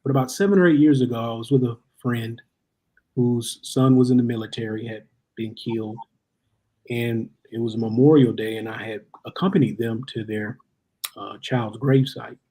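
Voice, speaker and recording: A man's voice: mid-range voice, moderate pace. A man who is a guest chaplain, telling personal stories in conversation and acting out what people said. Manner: animated storyteller, acts out quotes. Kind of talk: storytelling in conversation.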